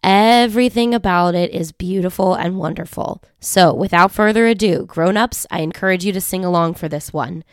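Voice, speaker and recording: A woman's voice: on the low side, moderate pace, few pauses, smooth, dry recording, clean studio sound. A woman hosting a sing-along music time for toddlers, cheery and coaxing, asking the children playful questions. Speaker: children's music podcast host.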